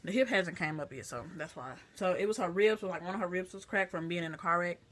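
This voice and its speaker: A woman vlogger chatting to a phone camera, retelling a family story in a lively, chatty way. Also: on the low side, quick pace.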